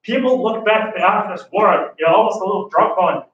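A man's voice: high-pitched, fast talker, few pauses, fairly bright tone, muffled recording, a little hiss or hum. A man teaching a history class in a casual, joking, enthusiastic lecture style, full of fillers. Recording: echoey room, voice from a distance.

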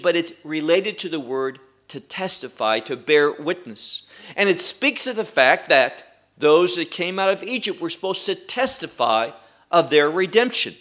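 A man teaching a Bible study lesson, speaking deliberately with emphatic pauses. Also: fairly high pitch, pushed and bright.

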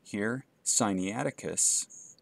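A man teaching a Greek course in a recorded lecture, measured and halting with fillers, reading Greek aloud and then translating it. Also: on the low side, creaky, no echo. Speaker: Greek instructor.

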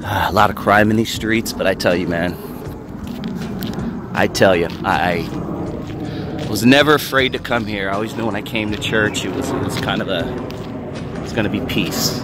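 A man talking casually as he walks and films, reminiscing and sometimes dropping to a hush. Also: low-pitched. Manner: reminiscing, hushed at times. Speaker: vlogger. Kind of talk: casual walking vlog.

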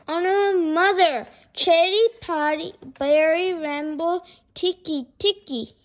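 A woman voicing a frantic small boy who pleads breathlessly and loudly for help. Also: high-pitched, a little fast, dull audio. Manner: urgent, breathless, shouting.

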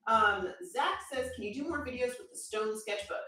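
A woman's voice: on the high side, normal speed, heavy reverb, distant mic, a little hiss or hum, low-quality recording. A woman co-hosting a live art stream, reading viewer questions and chatting casually. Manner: chatty, animated, reads questions aloud. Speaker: co-host reading viewer chat.

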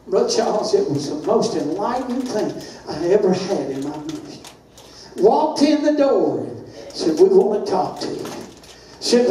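An older man, a pastor preaching a sermon with impassioned, sing-song delivery that rises into shouts. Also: high voice. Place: church sanctuary. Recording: very echoey church, far from mic, faint hiss.

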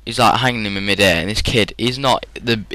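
A teenage man with a British English accent rambles through a casual gaming commentary. His slightly low voice sounds bright and clean. The recording is dry and close, with no room echo. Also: fairly quick. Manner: rambling, chatty, frequent fillers and laughs. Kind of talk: casual storytelling over gameplay.

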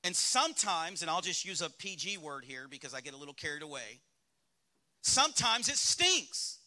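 A man's voice: on the high side, very animated, normal speed, bright, forceful tone. A male pastor with a Southern US accent preaching a sermon in a church, speaking candidly and asking the congregation rhetorical questions. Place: church sanctuary.

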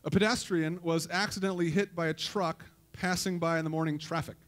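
A man with a fairly high speaking voice preaches to his congregation. He keeps the sermon chatty and light, telling stories, cracking jokes and tossing questions out to the people in the pews. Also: fairly even intonation, brisk. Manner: conversational, joking storyteller who asks the congregation questions. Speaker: pastor.

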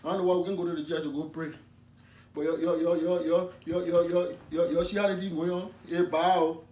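A man playing a loud, pleading Liberian pastor with a Liberian English accent, begging his flock for offerings in a comedy sketch. He exclaims and chants the same refrains over and over. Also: on the high side, flat delivery, brisk, natural voice. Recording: echoey room from a distance.

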